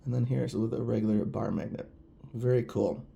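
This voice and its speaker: A man's voice: mid-range voice, steady tone, normal speed, creaky, dark tone, dull audio, a little hiss or hum. A man chatting casually and enthusiastically to viewers while reviewing products. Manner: gushing, chatty, addresses viewers directly. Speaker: nail polish reviewer.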